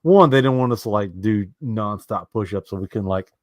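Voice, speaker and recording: A man's voice: fairly low pitch, no echo, clean studio sound. A man chatting casually about army training, often stumbling and repeating words. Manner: halting, repeats words, quick asides. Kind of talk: casual chat.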